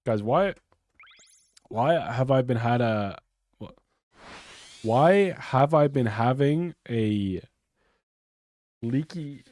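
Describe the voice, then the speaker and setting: Slow-talking young man streamer, stuffy nose. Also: mid-range voice, expressive, darkish tone, dry recording. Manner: rambling, swears a lot, restarts sentences. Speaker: game streamer. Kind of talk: casual live-stream chat.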